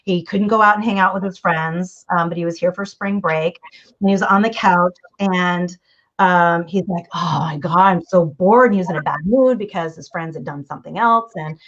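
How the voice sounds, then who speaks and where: A middle-aged woman speaking as a guest communication coach in a conversational interview. She talks in an animated way and acts out family dialogue, with many restarts. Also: fairly low pitch, normal speed. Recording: dull lo-fi audio.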